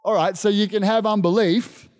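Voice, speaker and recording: A man preaching a sermon as pastor, animated and emphatic, calling out to his congregation. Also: sits high, normal speed, clean tone. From Australia. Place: church service. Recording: long reverb of a church hall.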